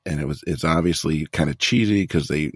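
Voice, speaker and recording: A man co-hosting a podcast, chatting casually about a wrestling show in a relaxed, wry way, with some casual swearing. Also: very deep voice, fairly quick, husky, no echo, clean studio sound. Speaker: podcast co-host. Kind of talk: casual wrestling recap chat.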